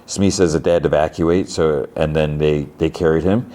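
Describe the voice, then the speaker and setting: A man's voice: a bass voice, steady tone, a little fast, dark tone. A man hosting a podcast, casually retelling a TV episode in a rambling way full of fillers and restarts. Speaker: podcast host.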